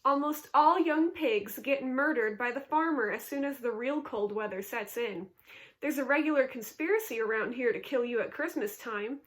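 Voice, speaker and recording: A woman's voice: high-pitched, moderate pace, natural voice. A woman voicing an old female sheep who delivers bad news bluntly and matter-of-factly.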